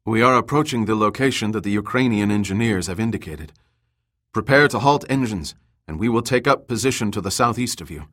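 A man's voice: on the low side, brisk, fairly bright tone. A man voicing a male ship captain giving formal orders over the radio.

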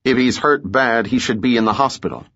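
A man voicing a calm, polite frontier detective with a dry, composed delivery, in a muffled audiobook recording. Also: mid-range voice, brisk, close to an everyday voice.

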